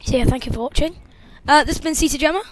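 A woman with a high, light voice narrates a horror game as she plays. She mutters half-whispered asides to herself, then bursts into gasps and shrieks when something jumps out, keeping a goofy, joking tone throughout. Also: rapid-fire, slight background noise. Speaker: gamer. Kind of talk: horror let's-play commentary.

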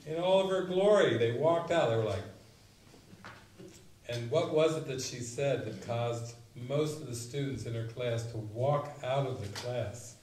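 A man giving a spiritual retreat talk, telling stories and acting out quotes with sudden loud bursts. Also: medium pitch, measured pace. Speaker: spiritual teacher. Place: retreat meeting room. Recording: roomy, mic at a distance, faint noise.

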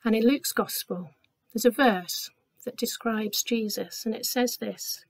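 A woman giving a gentle storytelling talk to children in a church, acting out the voices in her story. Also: fairly high pitch, unhurried, no echo. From England. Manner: gentle, clear storyteller, acts out quoted voices.

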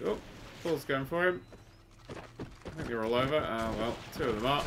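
A man giving sweary, excitable commentary while playing a video game, often jumping to shouts. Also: mid-range voice, measured pace, pauses often. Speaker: let's play host. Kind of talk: gameplay commentary. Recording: game noise behind the voice. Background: gunfire and game sounds.

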